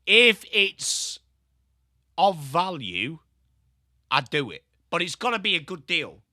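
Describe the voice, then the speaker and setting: A man's voice: fairly high pitch, sing-song, takes it slowly, pushed and bright, no echo, clean studio sound. An English man hosting a live football watchalong stream, chatting bluntly with viewers by name between calls on the play. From England. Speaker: livestream host.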